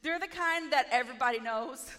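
A woman preaching a sermon in a playful, self-mocking, animated way. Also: high voice, a little fast, long reverb tail.

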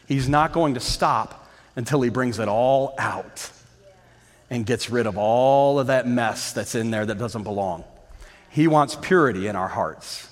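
A man's voice: medium pitch, big-room sound. A male pastor preaching a sermon with fervour, repeating phrases and asking the congregation questions.

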